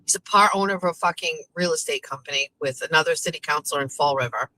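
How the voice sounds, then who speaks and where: A woman hosting her own show, chatting casually with lots of swearing and animated asides. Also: lowish voice, poor audio. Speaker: host. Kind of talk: casual chat.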